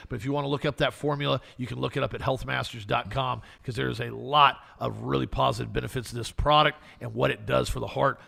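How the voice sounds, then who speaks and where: A young man co-hosting a casual talk show, agreeable and quick to chime in. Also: medium pitch, creaky, sharp tone. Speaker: co-host.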